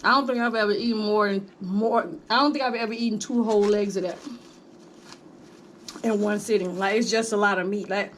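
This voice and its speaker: A woman's voice: medium pitch, fairly even intonation, a little fast, slight background noise. A woman vlogging a mukbang in a casual, chatty way, calling her viewers "honey" and "y'all" between bites. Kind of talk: casual chat while eating.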